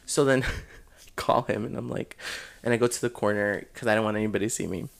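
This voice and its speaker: A man's voice: fairly low pitch, fairly even intonation, quick pace, gravelly. A young man telling his side of a party story in a casual chat, dramatic and profane, often laughing.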